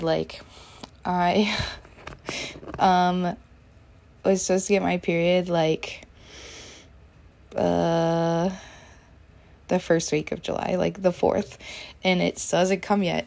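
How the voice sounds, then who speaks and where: Chatty young woman with a gravelly voice. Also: on the low side, dark tone. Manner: chatty and candid, many fillers and giggles. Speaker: vlogger. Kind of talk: casual diary-style monologue.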